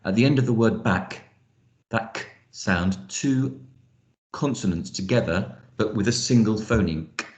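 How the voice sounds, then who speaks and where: A man's voice: on the low side, expressive, measured pace, reverberant. A man teaching an online lesson on phonics, thinking aloud with fillers and spelling out letters as he explains. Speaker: lecturer.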